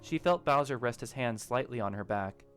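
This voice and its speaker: A man narrating a story in a steady, even storytelling manner. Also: medium pitch, normal speed, soft background music. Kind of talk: audiobook narration of a fan story.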